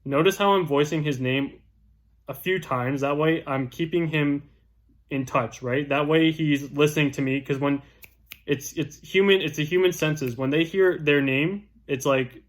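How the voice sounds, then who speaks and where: Speaking at a moderate pace in a slightly high voice, a young real estate agent gives a casual lesson on door-knocking scripts, chatting away and tacking "right?" onto his points.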